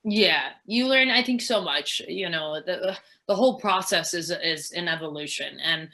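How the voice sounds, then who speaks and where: A woman's voice: on the low side, lively intonation, moderate pace, sharp tone. A woman, an actress, answering interview questions in a casual, rambling way, full of fillers as she thinks aloud. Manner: rambling, filler-heavy, reflective.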